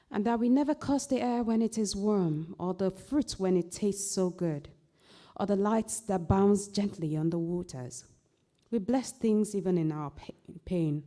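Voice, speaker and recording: A woman from Nigeria, a co-host, reading a poem aloud with expressive, dramatic delivery. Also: medium pitch. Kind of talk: poetry reading.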